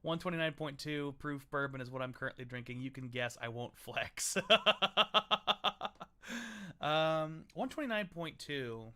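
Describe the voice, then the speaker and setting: A man's voice: mid-range voice, moderate pace, hardly any pauses, fairly bright tone, smooth. A young man hosting a livestream, chatting loosely and joking while tasting bourbon. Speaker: livestream host. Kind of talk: casual tasting chat.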